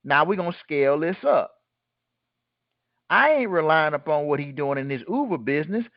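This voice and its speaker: A man's voice: fairly high pitch, sing-song, normal speed, no echo, muffled recording. A man hosting a call and teaching in a casual, blunt way, throwing rhetorical questions at his listeners and answering them himself. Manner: blunt and colloquial. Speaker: host teaching a group call.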